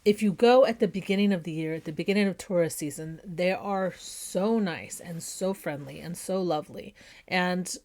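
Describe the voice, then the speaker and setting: A woman's voice: on the low side, moderate pace, a little mellow. Chatty woman giving travel opinions. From United States. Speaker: flight attendant reacting to videos. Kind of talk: casual reaction commentary.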